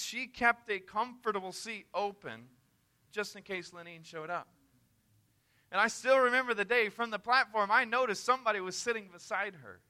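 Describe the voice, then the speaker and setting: Bright, high-voiced missionary preacher man. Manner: earnest, emphatic, conversational. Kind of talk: sermon storytelling.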